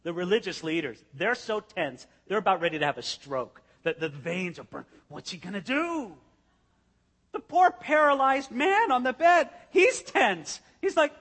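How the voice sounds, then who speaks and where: A man's voice: very high voice, moderate pace, big-room sound. A man preaching an expository sermon as pastor, telling the scene vividly and acting it out. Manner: animated storytelling, acting out scenes.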